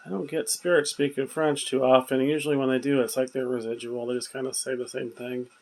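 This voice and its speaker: A man's voice: medium pitch, level tone, darkish tone, a little hiss or hum, rough recording. A man running a spirit box session, patiently asking the spirits questions again and again. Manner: questioning, patient, asks slowly and repeatedly. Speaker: paranormal investigator.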